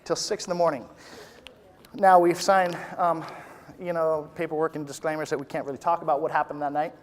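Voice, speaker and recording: A man giving an energetic, joking motivational talk at a live business seminar, rallying the audience into chants. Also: on the high side, a little fast. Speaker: motivational speaker at a business event. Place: large conference room with live audience. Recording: reverberant hall with crowd. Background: audience responses and applause.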